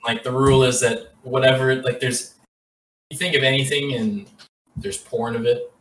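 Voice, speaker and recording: Male podcast co-host, bright tone, rambling and hesitant delivery, echoey room, slightly off-mic, faint noise floor. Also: mid-range voice, fairly even intonation, normal speed, far from the mic. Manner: rambling, hesitant, heavy with fillers. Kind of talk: casual chat.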